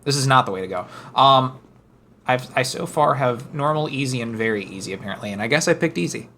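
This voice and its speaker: A man's voice: medium pitch, lively intonation, brisk, pushed and bright, slight background noise. A man playing a game on a casual stream, thinking aloud about his moves in an easygoing, self-deprecating way. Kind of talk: casual let's-play commentary.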